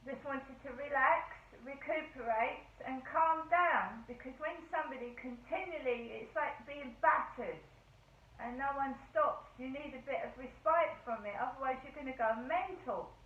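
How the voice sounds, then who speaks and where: A woman talks in a rambling, indignant casual monologue with a high-pitched voice. The sound is tinny and phone-like, with a roomy echo around it. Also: moderate pace, recorded from a distance. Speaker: vlogger.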